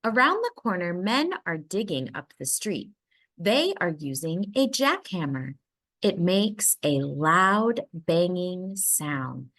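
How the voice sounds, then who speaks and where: A woman reading a children's picture book aloud, expressive and playful with the sound words. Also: lowish voice, slow. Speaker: read-aloud storyteller.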